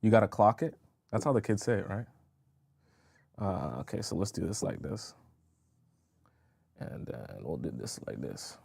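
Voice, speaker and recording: A man's voice: sits low, sing-song, measured pace, vocal fry, long pauses, a little mellow, slightly rough. A man coaching women on dating in a casual live stream, speaking frankly, reading viewer comments aloud and peppering his talk with "uh" and "right?". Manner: chatty, reads and answers viewer comments aloud; frank, repeats phrases and fills with "uh" and "right?".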